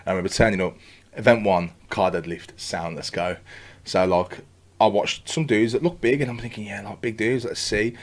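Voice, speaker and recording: A man's voice: lowish voice, normal speed. A man talking as a guest on a casual podcast. He tells his story with energy, swearing freely and acting out his own past thoughts.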